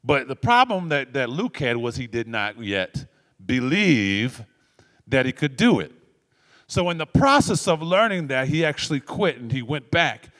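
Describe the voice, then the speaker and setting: Slow, lively preaching pastor in echoing hall. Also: male voice, mid-range voice. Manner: call-and-response preaching, repeats phrases for emphasis. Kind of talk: sermon. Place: church sanctuary. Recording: long church hall reverb.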